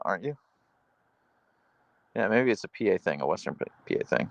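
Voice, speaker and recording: Male streamer reading chat, playful and teasing, low gravelly voice, dry close mic. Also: animated, brisk, pauses often, fairly bright tone, no room sound. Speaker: live streamer. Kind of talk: casual live-stream chat, reading comments aloud.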